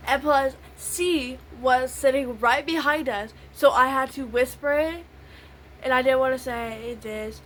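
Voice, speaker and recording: A young woman vlogger does her makeup while telling a long, rambling story, leaning on phrases like "literally" and "I was like." Her voice is high-pitched and steady at a measured pace. The recording is rough, with slight background noise.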